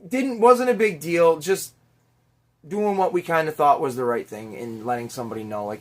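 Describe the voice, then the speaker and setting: A middle-aged man telling a Father's Day story in a casual, animated way, swearing now and then and acting out the people in it. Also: a little high, normal speed. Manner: animated, chatty, swears casually, mimics voices in anecdotes. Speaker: toy collector vlogger, father.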